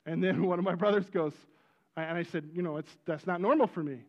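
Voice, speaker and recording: A middle-aged man, a pastor, preaching a sermon full of personal stories, told with animated energy and bursts of loud exclamation. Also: high voice, a little fast, dull audio.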